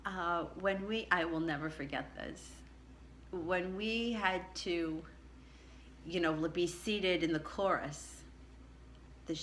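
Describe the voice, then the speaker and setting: Low-voiced woman with a bright, forceful edge. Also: a little hiss or hum. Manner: chatty and reflective, pitch rising sharply on emphasis. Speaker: tarot channel host. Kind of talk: casual personal storytelling.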